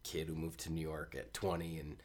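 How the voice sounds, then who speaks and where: A very deep-voiced man co-hosts a relaxed interview. He keeps up a quick, jokey banter with the guest. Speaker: co-host. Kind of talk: casual interview chat.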